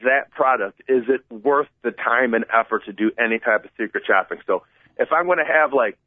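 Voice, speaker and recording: A man's voice: medium pitch, a little fast, dry recording. A man co-hosting a sports radio show, telling rambling stories in an earnest way. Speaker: radio co-host. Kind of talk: casual sports radio banter. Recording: tinny phone-like radio broadcast.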